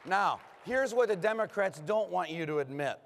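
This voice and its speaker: A man giving a rousing political conference speech from a podium, his voice hoarse from overuse, with punchy applause lines. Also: high-pitched, animated, normal speed, background noise. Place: large conference hall. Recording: long reverb of a big hall.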